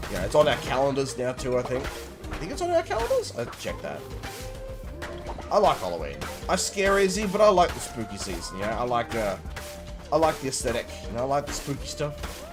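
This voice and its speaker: A man's voice: medium pitch, wildly swooping pitch, moderate pace, over music. An Australian man in his thirties, hosting a game stream and chatting casually with viewers in a rambling, playful, teasing way. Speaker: livestream gamer host. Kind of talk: casual chat while gaming, reading viewer comments.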